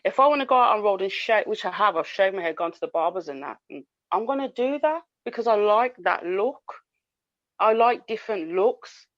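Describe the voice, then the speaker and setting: A woman's voice: mid-range voice, expressive, fairly quick, no echo. A woman co-hosting a podcast, talking emphatically and repeating her points in casual chat. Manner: emphatic, talks over others, repeats points. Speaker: podcast co-host. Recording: dull lo-fi sound.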